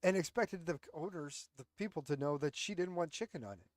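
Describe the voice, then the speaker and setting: A man's voice: on the high side, brisk, dry recording, studio quality. Blunt, cursing man ranting on a headset. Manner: blunt, profane, sarcastic ranting. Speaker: host. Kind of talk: casual commentary.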